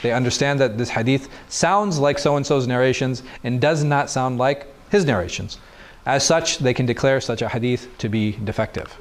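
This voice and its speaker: A man's voice: medium pitch, moderate pace. A man lecturing a class, explaining things step by step and asking the students questions he then answers himself. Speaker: teacher. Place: mosque classroom.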